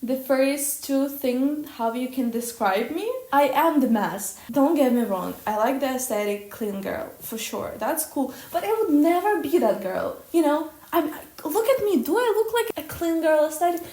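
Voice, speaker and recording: Loud, blunt young woman vlogging. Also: high voice, moderate pace, few pauses. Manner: loud, blunt and expressive, swears freely. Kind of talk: personal vlog monologue. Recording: echoey room.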